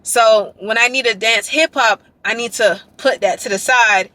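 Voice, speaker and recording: A young woman telling a rambling, excited story to her camera in a casual vlog. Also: moderate pace, dry recording. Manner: excited, rambling, quotes others in a lowered voice. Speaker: dance vlogger. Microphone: handheld camera.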